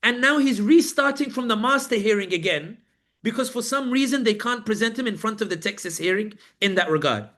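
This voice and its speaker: High-voiced British man telling his story. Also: lively intonation, a little fast, sharp tone. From Britain. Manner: vivid storytelling, acting out the voices of guards and inmates. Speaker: journalist giving testimony. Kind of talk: personal account at a talk.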